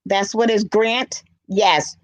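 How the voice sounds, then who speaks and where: A woman's voice: medium pitch, fairly even intonation, slow pace, dry recording. A middle-aged woman hosting a casual live-stream chat, talking earnestly and with feeling, reading viewer comments aloud. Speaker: live show host.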